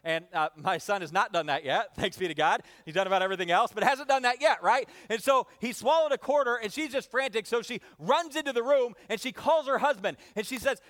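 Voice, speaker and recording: A male pastor preaching a lively sermon, leading the congregation in repeated phrases and often filling pauses with "uh". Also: very high-pitched. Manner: energetic, calls for responses from the congregation; frequent "uh" fillers.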